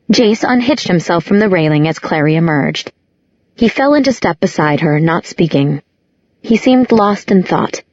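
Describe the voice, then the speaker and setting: A woman's voice: on the low side, a little mellow, no echo, muffled recording. A woman narrating an audiobook, reading every character herself with small changes of voice. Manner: reads all characters with small voice shifts. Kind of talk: scripted narration.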